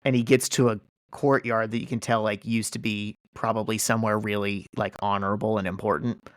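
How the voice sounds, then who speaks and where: A man's voice: on the low side, flat delivery, fairly quick, no echo, studio quality. A man hosting a podcast, casually and animatedly retelling a story in a chat, full of fillers. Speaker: podcast host. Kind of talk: casual chat recapping a comic.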